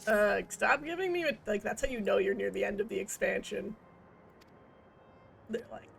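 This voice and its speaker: A woman's voice: mid-range voice, animated, normal speed, vocal fry, pauses often, fairly bright tone, faint music behind. A woman streaming a game, rambling in casual commentary with goofy wordplay and self-mocking jokes.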